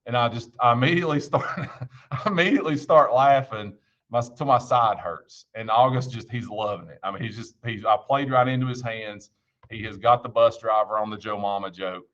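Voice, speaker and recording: A man's voice: medium pitch, normal speed, a bit bright, muffled recording. A man giving an informal devotional talk, telling stories in a folksy, earnest way with frequent restarts. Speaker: church devotion speaker and school bus driver.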